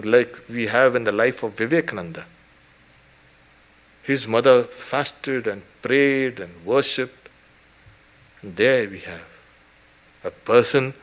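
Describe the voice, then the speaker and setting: A man, a swami, teaching a weekly scripture class in an emphatic lecture style, posing rhetorical questions, often adding "you can say" as an aside and chuckling softly now and then. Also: medium pitch.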